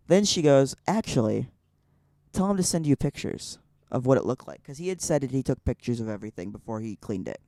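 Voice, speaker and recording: A man's voice: mid-range voice, dark tone, smooth, no room sound, studio quality. A young man from Illinois telling a personal story on a podcast, rambling with lots of "like" fillers. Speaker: podcast guest. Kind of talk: casual storytelling.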